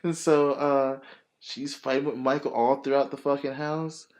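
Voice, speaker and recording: A man's voice: medium pitch, moderate pace. Rambling profane man retelling a movie. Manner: rambling, profane, animated storytelling with many fillers. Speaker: podcast host. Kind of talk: casual chat, retelling a movie plot.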